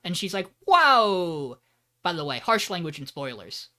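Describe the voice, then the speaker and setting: Bright-voiced joking podcast man. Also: on the high side, expressive, a little fast. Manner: loose, joking, swears freely. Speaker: podcast co-host. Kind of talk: casual plot recap.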